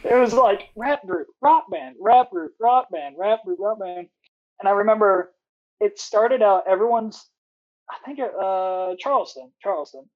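A laid-back podcast host chats casually and laughs easily. The sound is dull and lo-fi, with a middle pitch. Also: unhurried, a little mellow. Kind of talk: casual chat.

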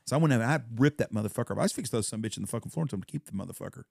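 Podcast host, man, gravelly and quick, brash and profane. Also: medium pitch, animated, a little mellow, no room sound, clean studio sound. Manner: brash, profane, fast storytelling. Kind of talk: casual chat, storytelling.

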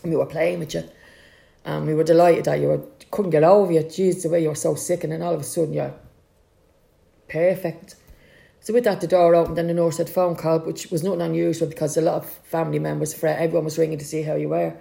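A woman's voice: deep voice, flat delivery, fast, creaky, mellow. A middle-aged Irish woman telling a personal family story, acting out the voices of the people in it.

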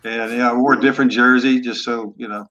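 A man in his sixties, a former quarterback, telling stories in a relaxed, rambling way with some rough language. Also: medium pitch, fast talker, highs cut off. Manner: laid-back, trailing off, rough language. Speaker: guest, former football quarterback. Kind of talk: casual storytelling interview.

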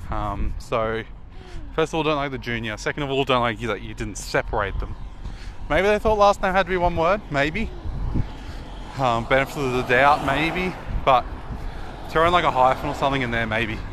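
A young Australian man talks in a loose, rambling way, trying names out loud and laughing at himself. His voice sits at an ordinary middle pitch. He is outdoors in a built-up area, with clear traffic noise behind him. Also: animated, moderate pace. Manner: chatty, sounds names out, self-mocking asides. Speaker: video creator rating player names. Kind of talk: casual rambling commentary.

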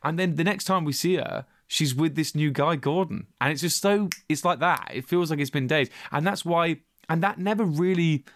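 A man's voice: a little high, moderate pace, few pauses, a bit bright, dry recording, studio quality. A man co-hosting a film review chat, retelling scenes with enthusiasm. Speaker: podcast co-host.

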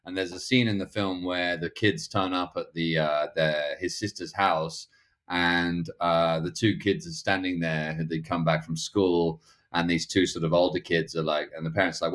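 A middle-aged man with a notably low, deep voice chats as a podcast guest. He rambles, restarts his sentences and leans on fillers as he circles toward his point. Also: steady tone, moderate pace, a bit bright. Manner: acts out other people's lines in quoted voices. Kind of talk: casual conversational interview.

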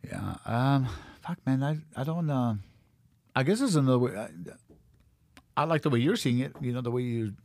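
A man's voice: mid-range voice, expressive, normal speed, a little mellow, dry recording. A middle-aged man in casual chat, blunt and profane, rambling through stories. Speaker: podcast guest, cutman.

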